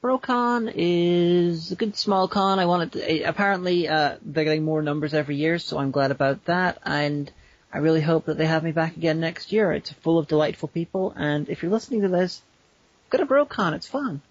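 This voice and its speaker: A woman's voice: low-pitched, fairly quick, no echo. A woman with a Northern Irish accent, co-hosting a podcast in casual chat with wry, dry humor. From Northern Ireland. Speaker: podcast co-host. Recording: dull lo-fi dry sound.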